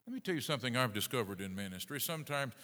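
Man, middle-aged pastor, sermon, dramatic emphasis and hushed asides, bright lively delivery, church hall reverb. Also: medium pitch, very fast. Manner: dramatic, wide swings between loud emphasis and hushed asides. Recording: long reverb of a large hall.

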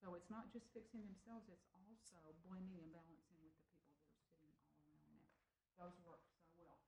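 A woman presenting a music teaching workshop, chatty and animated, often saying "you know" and laughing lightly. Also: on the low side, a little fast, gravelly, slight background noise. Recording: roomy echoing room.

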